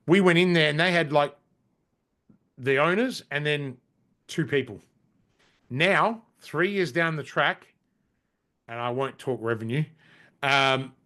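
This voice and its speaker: A middle-aged Australian man, appearing as a podcast guest, tells business stories in a blunt, casual interview style, swearing often and restarting sentences. His voice is mid-range and a bit bright.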